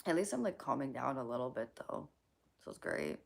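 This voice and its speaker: Woman, live streamer, casual chat, gravelly, bouncy intonation, frequent giggles, casual swearing. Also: extremely low pitch, big pitch swings, brisk.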